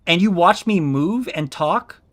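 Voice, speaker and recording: With a high, animated voice at a measured pace, a man chats casually as a VTuber on his stream. He rambles while explaining, peppering his talk with ums and restarts, all through his own streaming mic.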